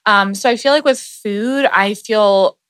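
A woman's voice: mid-range voice, measured pace, a bit bright, clear, resonant tone, dry recording, clean studio sound. A pregnant woman in her thirties chatting casually as a podcast guest, full of fillers and acting out her own thoughts. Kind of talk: casual chat.

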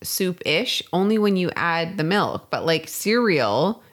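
A woman's voice: fairly low pitch, big pitch swings, unhurried. A woman co-hosting a podcast in casual comedic chat, playful and swearing freely. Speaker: podcast co-host.

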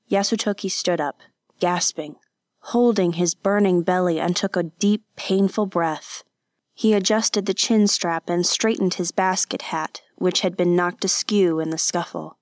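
A woman narrating an audiobook in a measured, deliberate way. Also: on the low side, fairly even intonation, a little mellow, dry recording, studio quality. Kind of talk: audiobook reading.

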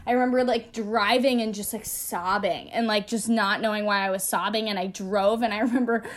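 A woman's voice: mid-range voice, brisk. A young woman co-hosting a casual podcast, telling a personal story with lots of laughter and "like" fillers. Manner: animated, laughing, many "like" fillers. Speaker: podcast co-host.

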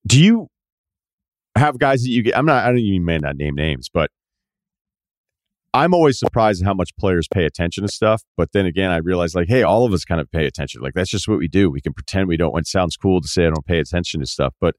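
A very deep-voiced man hosts a podcast, his intonation swinging widely as he asks long, meandering questions. He keeps stopping to correct himself mid-sentence. The sound is dry and close, with no room around it. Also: animated, brisk, dry recording. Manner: rambling, self-correcting questions. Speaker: podcast host. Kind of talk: casual interview questions.

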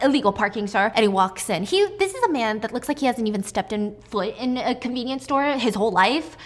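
A woman at a middle pitch for her sex tells a drama's plot like she is chatting with a friend. She is animated and breaks off into playful asides. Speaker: drama recap host. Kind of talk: casual drama recap storytelling.

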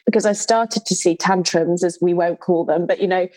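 A woman's voice: on the low side, steady tone, normal speed, dark tone, no room sound, poor audio. Thoughtful woman hosting an interview. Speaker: podcast host. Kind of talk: casual interview chat.

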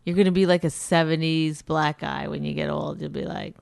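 Brief: thirties woman, gravelly fry, exasperated podcast co-host, dry close mic. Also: deep voice, steady tone, a little mellow, no echo. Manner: exasperated, quick to snap back. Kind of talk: casual bickering chat.

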